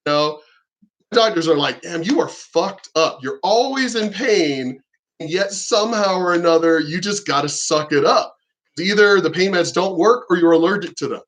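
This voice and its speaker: A man's voice: sits high, lively intonation, normal speed, fairly bright tone. A middle-aged man and military veteran talking casually to camera in a rambling, profane way, acting out what other people told him.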